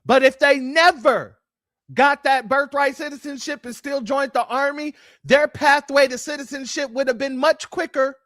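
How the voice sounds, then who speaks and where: A man's voice: very high-pitched, steady tone, moderate pace, fairly bright tone, no room sound, studio quality. A man hosting reaction commentary, talking bluntly and sardonically to his viewers. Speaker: commentary host.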